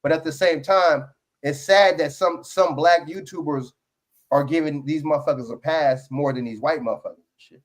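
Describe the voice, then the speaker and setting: New guy going off on a podcast, kinda high voice, swearing a lot, keeps restarting. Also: normal speed. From New York. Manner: profane, heated ranting with many restarts. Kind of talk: heated political podcast chat.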